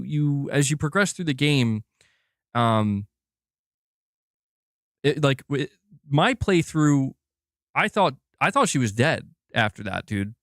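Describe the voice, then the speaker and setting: Excitable, rambling man on a dry mic. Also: medium pitch, no room sound. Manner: rambling, excitable, swears freely. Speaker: gaming channel host. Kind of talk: casual livestream game review.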